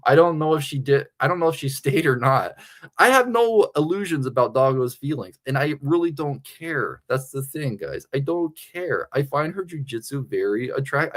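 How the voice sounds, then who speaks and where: Male streamer, mid-pitched, crude and rambling, a little buzzed, laughs a lot. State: slightly tipsy. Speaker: livestream host. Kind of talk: casual livestream chat.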